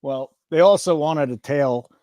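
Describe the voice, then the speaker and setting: A man's voice: on the high side, unhurried, mellow, no room sound, studio quality. A man hosting a sports betting show, joking and mock-indignant in casual banter.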